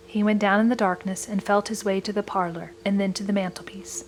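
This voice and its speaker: A woman narrating a dark story aloud with measured, expressive reading. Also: mid-range voice, a little hiss or hum, rough recording.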